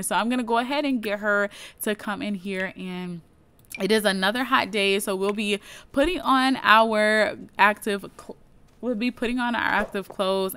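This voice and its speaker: A woman's voice: mid-range voice, a bit bright, smooth. A woman casually narrating her life-sim gameplay as a video host, chatting to her viewers. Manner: chatty, addresses viewers as "you guys". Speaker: gaming YouTuber. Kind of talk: casual let's play commentary.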